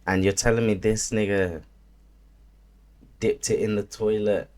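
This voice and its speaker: A man in casual chat, reacting to a story in an expressive, slangy way. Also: on the low side, unhurried.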